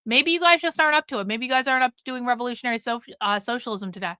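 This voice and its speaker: Bright-voiced, blunt woman streamer. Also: on the high side, very fast, clear, resonant tone, dry recording. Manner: profane, blunt, nags the chat. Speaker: live-stream host. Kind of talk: casual live-stream chat with viewers.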